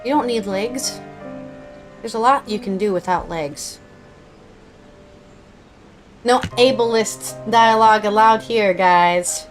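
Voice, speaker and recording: A woman's voice: on the high side, slow, pauses often. Lady streaming a game, jokey and sweary, music playing under her. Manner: playful, swearing, reads dialogue aloud. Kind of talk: casual gameplay commentary.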